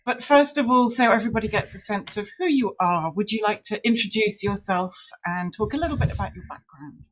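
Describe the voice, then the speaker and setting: Enthusiastic woman hosting. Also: medium pitch. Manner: warmly enthusiastic, quick to laugh. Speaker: podcast host. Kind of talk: casual conversational interview.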